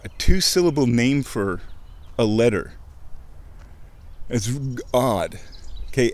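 Excitable man rambling on a creek walk. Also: mid-range voice. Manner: excitable, self-interrupting, swears casually. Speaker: vlogger. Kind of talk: rambling casual monologue. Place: outdoors, walking by a creek.

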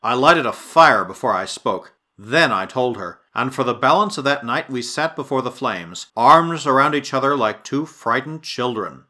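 A man narrating an adventure story in a dramatic, expressive reading style. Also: medium pitch, normal speed, hardly any pauses. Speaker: audiobook narrator. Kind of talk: scripted narration.

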